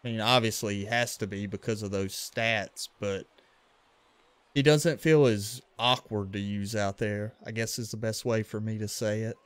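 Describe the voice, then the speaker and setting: A fairly low-pitched man talks at a moderate pace in a clean tone with no echo. A gaming livestreamer from western Louisiana with a Louisiana accent, he casually reacts to plays in a baseball video game and chats with viewers in a relaxed way.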